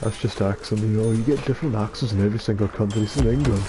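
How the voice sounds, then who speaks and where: Here the young Scottish streamer, about nineteen, speaks in a lowish voice at a quick pace during a relaxed late-night gaming session. Noisy game audio plays underneath as he rambles, stumbles and makes fun of himself in his dopey way.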